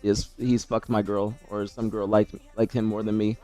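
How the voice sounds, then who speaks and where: A man's voice: fairly low pitch, little pitch movement, moderate pace, a little mellow. A man streaming live, chatting casually and reading viewer messages, rambling and repeating himself as he answers chat. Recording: dry close mic with faint music behind.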